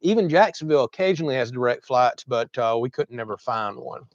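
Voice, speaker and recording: A man's voice: medium pitch, animated, fairly quick, dry recording, dull audio. A man with a Southern US accent from Florida, casually chatting on a livestream as host and reading viewer comments. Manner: chatty, drawling, laughs often.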